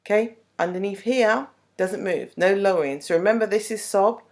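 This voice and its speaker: A woman vocal coach explaining singing technique to worship leaders in a chatty, unhurried way, with frequent pauses and ums. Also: medium pitch.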